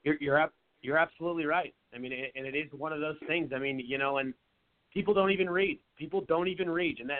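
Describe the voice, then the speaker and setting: A man hosts a talk radio show in a fairly high voice, blunt and emphatic in his opinions. The sound is thin and narrow, like a phone line.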